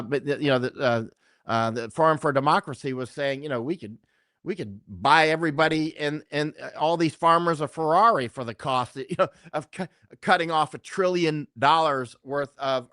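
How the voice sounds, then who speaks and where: A man's voice: mid-range voice, fairly bright tone, no echo, clean studio sound. A middle-aged man talking as an interview guest, rambling and emphatic, often checking in with "right?". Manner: rambling, keeps asking "right?". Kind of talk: conversational interview talk.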